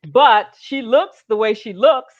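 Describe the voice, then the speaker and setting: A woman author speaking in a measured, reflective way in a casual group chat over a video call. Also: fairly high pitch, highs cut off. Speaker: author and guest.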